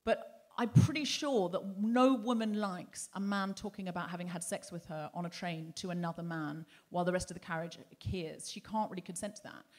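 A woman's voice: lowish voice, brisk, few pauses, a little mellow. A woman hosting a live comedy podcast on stage, telling a story and acting out other people's lines. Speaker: podcast host. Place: theatre stage before a live audience.

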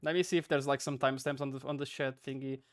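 A man's voice: medium pitch, steady tone, fast, no room sound, clean studio sound. A man streaming live, chatting casually and reacting to a video, repeating words back.

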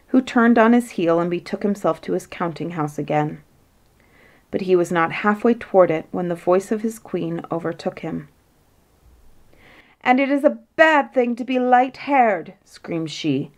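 In a voice pitched somewhat lower than typical for a woman, she reads a fairy tale at bedtime with gentle expression. The telling stays calm and storybook-like, with key phrases stretched slowly for effect.

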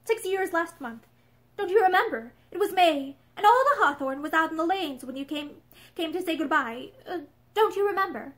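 A woman's voice: very high voice, animated, moderate pace, a bit bright. A woman reading aloud, voicing a nervous, eager young wife in breathless, girlish lines.

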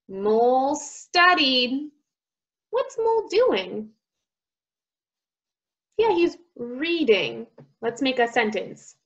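A young woman, a speech therapist, reading a picture book to children, slowly modeling sounds and praising each try. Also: on the high side, a bit bright. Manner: slow, drawn-out modeling of sounds, encouraging praise.

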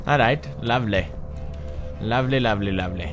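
A man giving goofy, jumpy commentary as he plays a horror game, with sudden loud outbursts. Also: mid-range voice, fairly quick, soft background music. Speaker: gaming commentator.

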